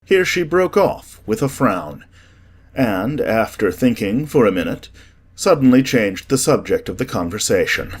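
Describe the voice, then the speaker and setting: Husky-voiced male audiobook narrator. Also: lowish voice, very animated, a little slow.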